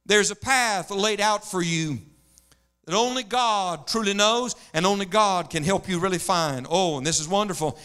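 Bright high-voiced male preacher. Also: normal speed, clear, resonant tone. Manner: earnest, preacherly, quotes others aloud. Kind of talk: sermon.

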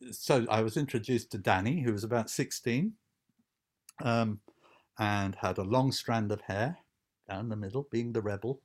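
A man's voice: lowish voice, normal speed. A man telling an anecdote in a rambling, hesitant way, full of fillers and restarts. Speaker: storyteller. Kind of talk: anecdotal storytelling.

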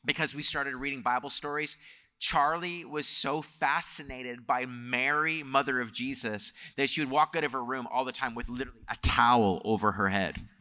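Bright-voiced pastor preaching in echoing hall. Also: male voice, medium pitch, normal speed, clear, resonant tone. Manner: storytelling, builds to emphatic preaching. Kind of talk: sermon. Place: church sanctuary. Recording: long church hall reverb.

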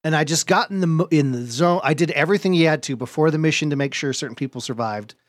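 Animated man telling a gaming story. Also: a little high, fast talker, no room sound, studio quality. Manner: animated storytelling, laughs often, swears. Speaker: podcast host. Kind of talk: casual podcast chat.

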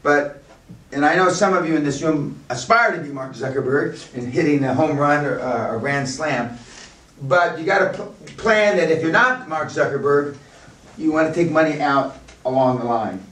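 A man's voice: on the high side, moderate pace, a bit bright. An older man, in his sixties, speaks bluntly and rambles through a business seminar lecture. He is heard from a distance in a strongly echoing room. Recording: echoey room, mic from far off.

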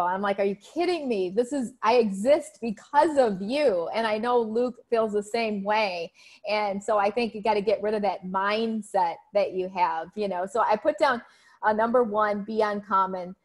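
An enthusiastic woman hosting an interview podcast. She speaks at a middle pitch, praises her guest and asks questions. Her delivery is conversational. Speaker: podcast host.

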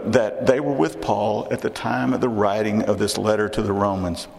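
A man's voice: mid-range voice, vocal fry. Man, Texan accent, sermon, conversational, restarts phrases, reverberant hall. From Texas. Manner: conversational, repeats words and restarts. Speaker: preacher.

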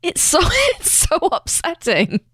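A woman co-hosting a casual podcast, chatting in an animated way and laughing often. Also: very high-pitched, slow pace, no room sound, clean studio sound. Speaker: podcast co-host. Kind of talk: casual chat.

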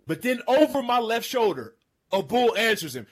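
A man in his thirties hosting a casual chat, telling a hunting story with excitement and frequent laughs. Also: very high-pitched, moderate pace. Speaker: podcast host. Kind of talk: casual storytelling among friends.

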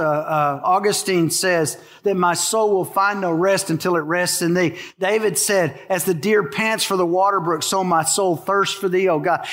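A middle-aged man delivers a sermon in a fairly high voice. He preaches with emphasis, weaving in personal stories and tossing rhetorical questions at his listeners. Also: fairly bright tone. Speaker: pastor.

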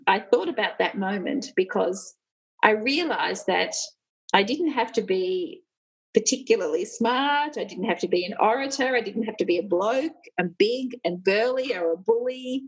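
A woman's voice: mid-range voice, lively intonation, a little slow, husky, poor audio. A middle-aged woman, a union leader and former nurse, telling personal stories candidly and with animation in an interview.

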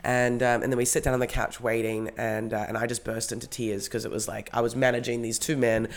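A woman's voice: very deep voice, flat delivery, fairly quick. A woman telling a story in casual podcast chat, rambling with lots of fillers and restarts. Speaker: podcast co-host.

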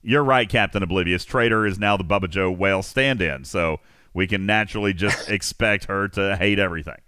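A man's voice: deep voice, a little fast, sharp tone, smooth, no echo, clean studio sound. A man hosting a casual gaming chat, teasing his co-hosts and rambling through tips. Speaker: podcast host.

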